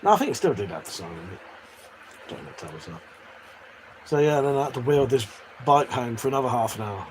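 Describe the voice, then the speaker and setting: A man's voice: mid-range voice, expressive, brisk, pauses often, a little mellow, low-quality recording. An English man chatting casually and crudely on a live stream, reading out chat messages and laughing often. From England. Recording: faint background noise.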